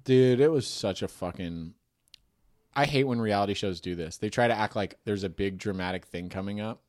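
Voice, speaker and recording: A young man in casual podcast chat, telling animated stories, swearing, laughing and putting on voices. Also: on the low side, normal speed.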